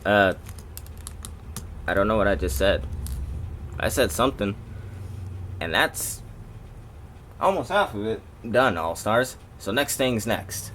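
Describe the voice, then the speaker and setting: A man's voice: fairly low pitch, very animated, measured pace, long pauses, fairly bright tone, a little hiss or hum. A man doing a casual toy review, rambling and breaking off into jokey asides to his viewers.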